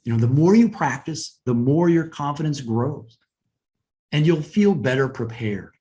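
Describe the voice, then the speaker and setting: A man giving a webinar lesson on presentation skills in a conversational way, often asking "right?" and pausing to stress points. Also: fairly high pitch, animated, mellow.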